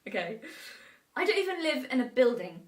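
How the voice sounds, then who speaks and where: English woman, fairly high voice, wry, recorded far off in an echoey room. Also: sing-song, a little fast. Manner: wry, indignant. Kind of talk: vlog commentary. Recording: roomy, distant mic.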